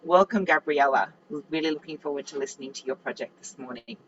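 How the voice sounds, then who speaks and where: A woman's voice: deep voice, fast, a bit bright. A woman with an Australian accent, moderating an online workshop and introducing speakers graciously over a video call. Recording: muffled video-call audio.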